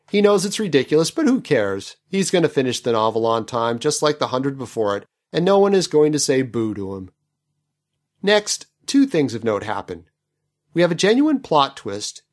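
A man hosting a podcast, picking apart a novel's plot with wry skepticism. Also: a little high. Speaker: podcast host. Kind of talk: book commentary podcast.

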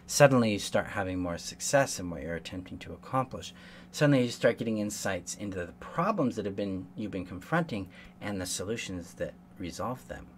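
A man with a low-pitched voice gives an earnest solo coaching talk, explaining his idea step by step and coming back to the same phrases. A faint background noise sits under the recording. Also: lively intonation, brisk. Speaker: codependency coach. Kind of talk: solo teaching monologue.

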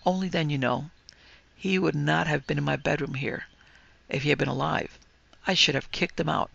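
A man reading a classic ghost story aloud as a podcast host, in a measured, firm storytelling delivery. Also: on the high side, fairly even intonation, vocal fry, fairly bright tone, highs cut off. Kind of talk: scripted narration of a ghost story.

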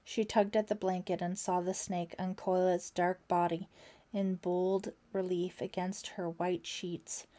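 A woman's voice: fairly low pitch, little pitch movement, unhurried, dark tone. A woman reading an audiobook aloud, voicing the characters and dropping to a whisper in tense passages. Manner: voices characters, drops to a whisper for tense moments. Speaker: audiobook narrator. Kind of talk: scripted narration.

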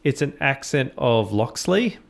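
A woman hosting a podcast in relaxed conversation, playful and joking along with her guest. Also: very deep voice, creaky, a little hiss or hum. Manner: playful, quick to laugh along. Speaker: podcast host. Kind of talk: casual chat.

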